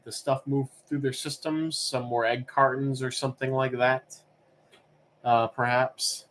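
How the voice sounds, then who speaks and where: A man hosting a live-streamed auction, chatting casually in a relaxed, rambling way as he answers chat questions between calls. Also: medium pitch. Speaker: livestream auction host.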